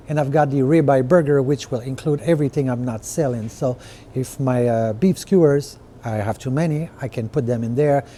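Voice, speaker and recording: A man's voice: medium pitch, warm tone. A man who owns restaurants, casually walking through his menu on a screen share, with lots of fillers and rhetorical "right?" checks. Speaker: restaurant owner podcaster. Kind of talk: casual explanatory walkthrough.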